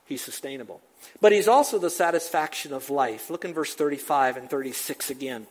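An older male pastor delivers a sermon in a fairly high voice. He preaches emphatically, repeating words over and over and lifting his voice on key points. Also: lively intonation, moderate pace, long pauses. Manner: emphatic, repetitive preaching with rising exclamations.

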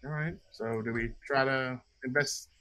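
A man's voice: mid-range voice, fairly even intonation, normal speed, pushed and bright. A man playing a tabletop game, joking and a bit impatient in casual chat. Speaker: player.

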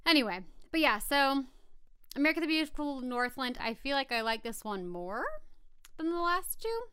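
A woman's voice: sits high, sing-song, normal speed, pushed and bright. A woman with a Californian accent co-hosting a podcast, chatting casually and wandering off topic with frequent laughs. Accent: Californian English. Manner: chatty and digressive, laughs often. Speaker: podcast co-host. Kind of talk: casual chat.

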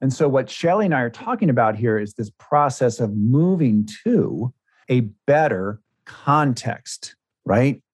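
A man's voice: mid-range voice, big pitch swings, measured pace, husky, no room sound. A man co-hosting a podcast, speaking directly and encouragingly to listeners in a coaching manner. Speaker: podcast co-host. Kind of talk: casual conversational podcast.

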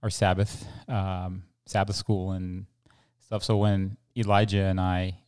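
A man's voice: low-pitched, little pitch movement, measured pace, a little mellow, clean tone. A middle-aged man from El Paso co-hosting a podcast in casual, rambling chat with many fillers. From El Paso, Texas. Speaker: podcast co-host.

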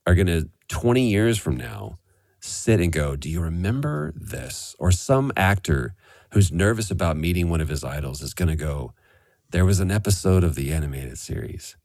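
Man, 40s, deep and very expressive, dry close mic, casual podcast guest telling animated anecdotes. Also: no echo. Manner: animated storyteller, swearing freely. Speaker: voice actor guest.

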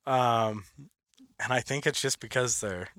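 A man's voice: medium pitch, unhurried, a bit bright, dry recording. Chatty man, dry close sound. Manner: rambling, heavy use of "like", laughs often. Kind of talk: casual chat.

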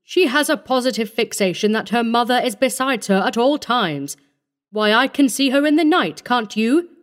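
A woman voicing a brisk, fussy middle-aged orphanage matron in an audiobook reading, talking in a commanding way. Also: fairly high pitch, animated, pitched above the performer's own voice, close to an everyday voice. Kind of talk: audiobook character voice.

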